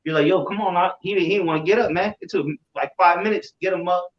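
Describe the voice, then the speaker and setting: A man telling a story in casual chat, animated, repeating himself and swearing freely. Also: high voice, quick pace. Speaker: religious group member. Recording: roomy, distant, dull sound.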